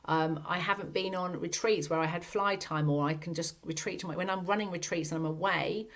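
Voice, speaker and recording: A woman talks on her own podcast, sincere and reflective, asking one rhetorical question after another. Her voice sits a little low for a woman, and she speaks as a coach working through her own experience. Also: fairly even intonation, fairly quick, a bit bright. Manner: earnest, many rhetorical questions. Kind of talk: reflective solo podcast talk.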